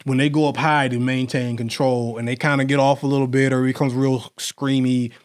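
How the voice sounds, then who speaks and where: A man chatting casually as a podcast co-host. He talks in an animated, rambling way and keeps restarting his sentences. His voice sits at an ordinary middle pitch. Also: a little fast, clear, resonant tone. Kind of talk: casual chat.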